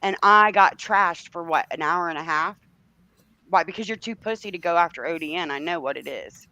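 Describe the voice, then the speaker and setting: Brief: defensive, insulting man, bright voice, dry close mic. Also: on the high side, normal speed, no room sound, muffled recording. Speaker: guest on a livestream. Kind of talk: heated argumentative chat.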